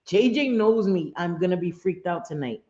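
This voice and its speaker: With a lowish, mellow, expressive voice at a moderate pace, a middle-aged woman hosts a relaxed livestream chat, answering viewers at home freely. She swears, laughs frequently, and reads the chat aloud, captured on roomy, dull lo-fi stream audio.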